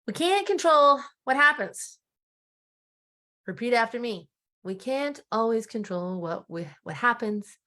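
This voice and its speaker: A woman in her forties talking casually to camera as a life coach, chatty and animated, often laughing at herself. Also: a little high, measured pace.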